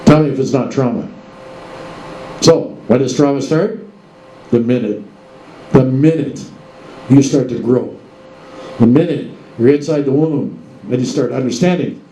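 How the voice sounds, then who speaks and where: Man, show host, casual monologue full of rhetorical questions, dark tone, echoey room with faint ambience. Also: medium pitch, measured pace, long pauses, a little hiss or hum. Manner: rhetorical questions, addresses folks directly.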